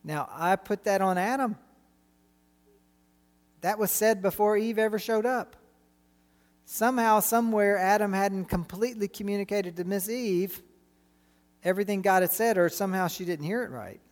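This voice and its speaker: A middle-aged man preaching a sermon, animated and full of rhetorical questions to the congregation. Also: high voice, normal speed, pauses often, in a large hall.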